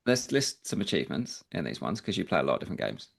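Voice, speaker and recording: A man's voice: sits low, sing-song, fast, creaky, slightly rough. A man co-hosting a podcast, asking questions in a laid-back, casual way. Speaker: podcast co-host.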